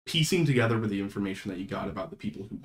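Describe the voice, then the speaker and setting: A man narrating a tabletop game as game master, setting scenes at a measured pace. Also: fairly low pitch, expressive. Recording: roomy echo.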